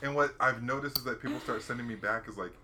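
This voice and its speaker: A man's voice: mid-range voice, fast, a little hiss or hum. A man in casual podcast chat, telling stories animatedly and acting out the people in them. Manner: animated storyteller, acts out callers with a raised voice.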